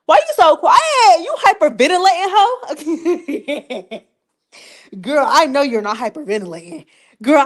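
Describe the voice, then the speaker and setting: A young woman hosting a live-stream recap, talking in a casual, slangy way and teasing with repeated rhetorical questions. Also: high-pitched.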